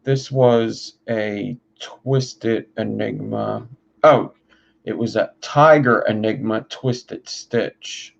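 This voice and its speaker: A man's voice: fairly low pitch, very slow, vocal fry. A man chatting casually while he builds vape coils, offhand and swearing now and then. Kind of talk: casual workshop chat. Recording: dull lo-fi home recording with faint noise.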